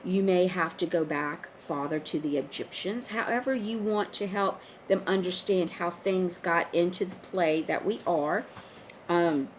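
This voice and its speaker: A woman talking straight to her viewers in a casual monologue, earnest and urging, often pausing on fillers and restarting. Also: fairly low pitch, slight background noise, poor audio. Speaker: online video host. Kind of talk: casual direct-to-camera monologue.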